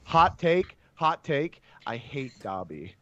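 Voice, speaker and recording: A man's voice: mid-range voice, big pitch swings, takes it slowly, fairly bright tone, highs cut off. A man co-hosting a gaming podcast, tossing out playful, opinionated hot takes. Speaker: podcast co-host. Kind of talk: casual podcast chat.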